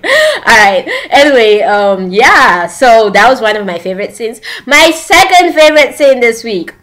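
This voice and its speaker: A woman's voice: a little high, sing-song, measured pace, a bit bright. Gushing young woman, chatty and giggly. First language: not English. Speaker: drama reviewer. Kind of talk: casual chat.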